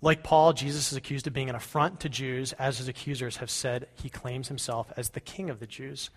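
Preacher explaining in a reverberant hall. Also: male voice, medium pitch, fairly even intonation, brisk. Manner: conversational, explanatory, asides. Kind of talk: sermon reading and commentary. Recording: long reverb of a large hall.

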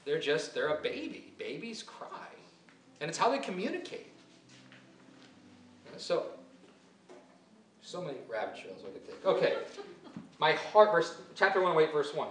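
A male pastor preaching in a loose, musing way, often correcting himself mid-sentence. His voice sits a little high for a man. It rings through an echoey room over a faint hum of background ambience. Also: big pitch swings, normal speed, pauses often, a bit bright. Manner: conversational, musing, self-correcting. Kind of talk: sermon.

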